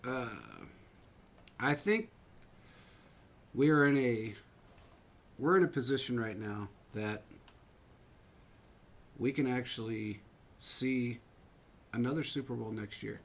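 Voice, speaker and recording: A man's voice: mid-range voice, slow, pauses often, a bit bright, slight background noise. A middle-aged man co-hosting a casual sports chat, rambling and retelling stories with quoted dialogue. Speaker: co-host.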